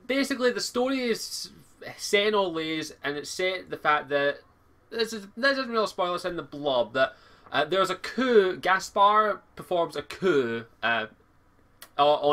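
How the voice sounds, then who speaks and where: Rambling Scottish man with a bright voice. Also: mid-range voice. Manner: rambling, self-correcting, frequent fillers. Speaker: book reviewer. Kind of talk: casual video review.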